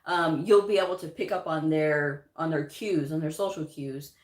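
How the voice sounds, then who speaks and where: Woman, lowish voice, emphatic, repeats herself, roomy echo. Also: normal speed. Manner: emphatic, repeats points, chuckles often. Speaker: medical coding educator and channel host. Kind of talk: casual live-chat advice.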